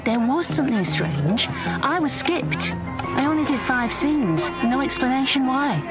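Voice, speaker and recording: A woman's voice: sits high, sing-song, unhurried, exaggerated voice. An actress voicing a chatty female show performer who tells her story dramatically and acts out sounds. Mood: theatrical. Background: music.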